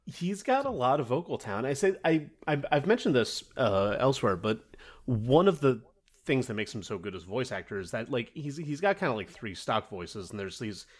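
A man's voice: medium pitch, sing-song, normal speed, husky. A man co-hosting a podcast, talking casually with many fillers and restarts. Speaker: podcast co-host. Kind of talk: casual chat.

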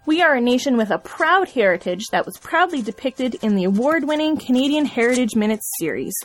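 A woman's voice: a little high, sing-song, a little fast, soft background music. A woman reading a comic listener letter in a prim, passive-aggressive manner.

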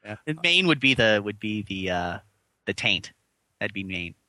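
A man joking as a podcast guest, riffing quickly in casual banter. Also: fairly low pitch, very animated, bright, forceful tone, no room sound.

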